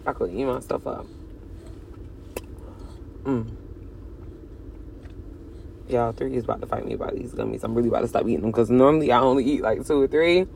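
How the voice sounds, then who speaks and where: A young adult woman chatting casually to her viewers, swinging from loud bursts to hushed asides as she curses and jokes. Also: rumbling low, brisk, creaky, pauses often, slight background noise. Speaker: vlogger. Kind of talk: casual chat to camera.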